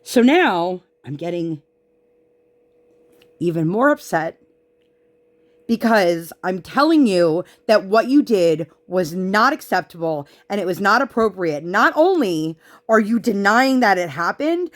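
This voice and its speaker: A woman's voice: mid-range voice, expressive, unhurried. A woman vlogger chatting casually while she crafts, venting her frustration as she retells an argument.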